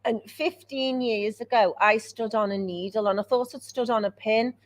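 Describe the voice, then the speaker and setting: A woman's voice: a little high, fairly even intonation, normal speed. A woman co-hosting a podcast, telling stories about herself with plenty of laughter. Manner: laughing, self-mocking storyteller. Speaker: podcast co-host. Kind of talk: casual chat, storytelling.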